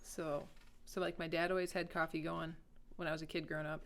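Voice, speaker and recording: A woman's voice: low-pitched, little pitch movement, fairly quick, slight background noise. A woman who teaches English, chatting casually on a school podcast and explaining things patiently. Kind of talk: casual chat.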